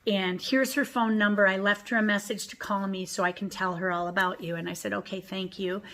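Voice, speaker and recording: A woman's voice: mid-range voice, steady tone, a little fast, a bit bright. A middle-aged woman vlogging a personal story in casual chat, emotional and retelling conversations in quoted voices.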